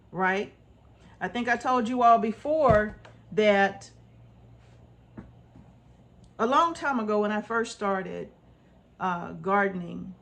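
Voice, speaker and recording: A woman homestead vlogger giving casual, earnest advice to her viewers, repeating her points and checking in with "right?". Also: a little high. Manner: informal, folksy speech.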